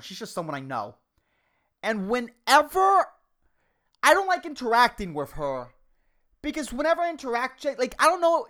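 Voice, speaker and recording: A woman hosting a solo podcast, ranting sarcastically and swearing freely, and talking fast by her own account. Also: on the high side, fairly bright tone. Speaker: podcast host.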